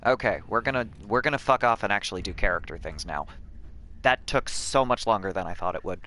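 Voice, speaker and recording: A man's voice: lowish voice, lively intonation, a little fast, pushed and bright. A man chatting casually as he plays a video game on stream, talkative and swearing freely. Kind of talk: casual gameplay commentary.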